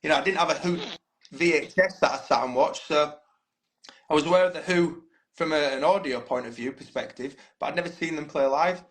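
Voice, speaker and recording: Fairly high-pitched, a bit bright and a little quick, this frontman's voice comes through low-quality audio. He's a casual podcast guest who tells candid stories, swears without restraint and leans on "mate."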